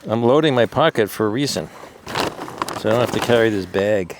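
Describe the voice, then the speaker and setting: A man's voice: on the low side, a little fast, very noisy. A man who rescues animals, talking casually and affectionately to dogs at an outdoor sanctuary. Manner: coaxing, affectionate baby talk to dogs. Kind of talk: casual talk to dogs and camera.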